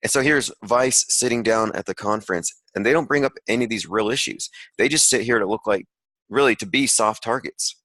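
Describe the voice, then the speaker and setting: A man's voice: lowish voice, brisk, fairly bright tone, dry recording, poor audio. A man hosting an online call, giving rambling, sarcastic commentary while reading an article aloud. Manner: sarcastic, rambling, with frequent asides. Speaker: podcast host.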